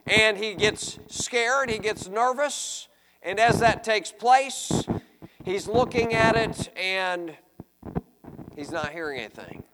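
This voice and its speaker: A man delivers a sermon in a fairly high voice, moving between steady scripture reading and animated, pleading acted-out lines. His voice rings with a long reverb, as if in a large hall. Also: takes it slowly, background noise. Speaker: preacher.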